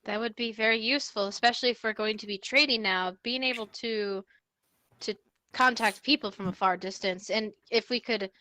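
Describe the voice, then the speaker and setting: A woman's voice: fairly high pitch, normal speed, sharp tone, no room sound. A woman speaking in character as a player in a tabletop game, earnest, formal and a little hesitant. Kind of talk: in-character tabletop role-play.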